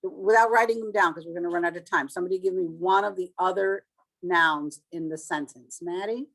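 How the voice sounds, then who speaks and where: A woman teacher in casual classroom talk, chatty, calling on students and making quick asides. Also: on the low side.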